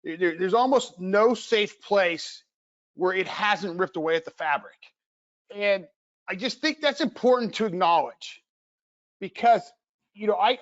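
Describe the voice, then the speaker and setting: Earnest, animated middle-aged man lecturing. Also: high voice, highs cut off. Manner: animated, earnest, many restarts and repeated words. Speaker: exercise researcher giving a talk. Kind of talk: informal lecture over video call. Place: home, with noise from upstairs.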